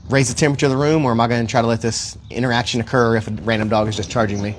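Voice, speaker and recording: A man's voice: on the low side, a little hiss or hum. A man working as a dog trainer, talking casually and rambling a little in a park, with mild cursing. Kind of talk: casual livestream explanation. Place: outdoor park.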